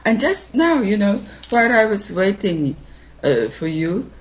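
A woman with a Japanese accent speaks English as a second language in slow, broken phrases. Her pitch swings widely, and she talks at a very unhurried pace. The audio is dull and lo-fi. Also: very animated. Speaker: guest. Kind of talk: interview over a remote line.

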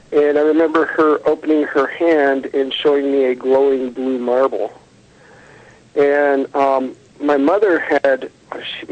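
A man talks through his memories at an ordinary pitch, earnest and rambling, stopping to restart his sentences. The sound comes through a dull, muffled line. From United States. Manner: earnest storytelling with fillers and self-corrections. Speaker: guest recounting encounters.

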